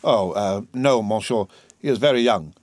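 A man's voice: on the low side, moderate pace, darkish tone, dry recording, close to an everyday voice. A man voicing a deferential police commissary who reports hesitantly with little fillers, in a dry, close recording.

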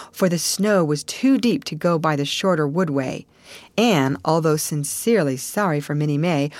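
Woman, audiobook narrator, measured, lowish voice, dry close sound. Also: darkish tone, no room sound. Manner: measured, storytelling. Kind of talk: scripted narration.

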